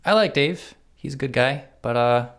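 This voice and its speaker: A man co-hosting a podcast in casual chat, speaking in a low-key, matter-of-fact way. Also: lively intonation, normal speed, creaky, a bit bright. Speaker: podcast co-host.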